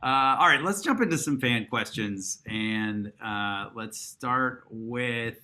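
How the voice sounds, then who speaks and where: Male interviewer, sharp bright tone, wry deadpan humor. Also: medium pitch, takes it slowly. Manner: dry joking asides. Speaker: interviewer reading fan questions. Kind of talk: casual chat.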